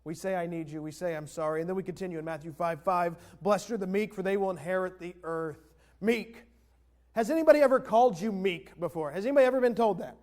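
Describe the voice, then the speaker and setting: Male pastor, fairly high voice, relaxed conversational sermon with congregation responses. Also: fast. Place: church sanctuary.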